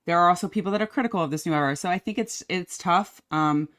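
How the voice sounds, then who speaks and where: A woman hosting an interview in casual chat, agreeable and quick with her questions. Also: on the low side, fairly bright tone. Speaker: host.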